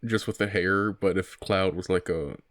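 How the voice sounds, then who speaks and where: A man's voice: low voice, fairly even intonation, moderate pace, fairly bright tone. A young man co-hosting a game play-through, rambling with offhand jokes. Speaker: let's play co-host. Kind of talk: casual gaming banter.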